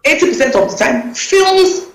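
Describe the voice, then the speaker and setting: A woman's voice: sits high, lively intonation, moderate pace, vocal fry, reverberant, rough recording. A woman, a talk show guest speaking emphatically and urgently over a video call.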